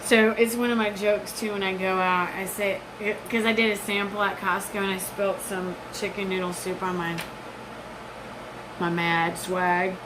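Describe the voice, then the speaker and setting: A woman's voice: mid-range voice, little pitch movement, a little slow, noisy background. A woman in her forties giving an intense, rambling, profane personal monologue. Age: 40s. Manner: intense, rambling, profane, jumps between topics.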